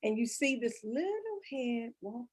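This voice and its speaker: A middle-aged woman from St. Louis, chatting casually as a co-host and telling lively family stories. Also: on the high side, a little slow, husky. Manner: animated storyteller, acts out voices of her kids. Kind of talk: casual chat.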